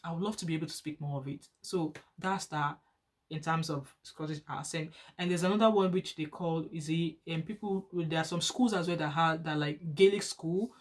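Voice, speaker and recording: Nigerian woman, 30s, casual vlogger, chatty, animated. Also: moderate pace. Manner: chatty and animated, rising higher when excited. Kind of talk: casual chat to camera.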